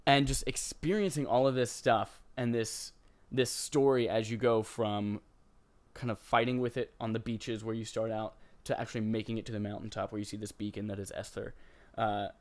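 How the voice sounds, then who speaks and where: A young man with a somewhat low voice chats casually as co-host of a gaming podcast. He talks in an animated, joking way and gets openly enthusiastic about the games he loves. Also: normal speed.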